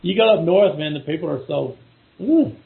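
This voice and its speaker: Guest: middle-aged Texan man, gravelly voice, thin phone-line sound, chatty, rambling and full of restarts. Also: on the high side, lively intonation, moderate pace. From Texas. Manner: rambling, many restarts and repeated words. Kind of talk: casual chat over a call. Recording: phone-like call audio.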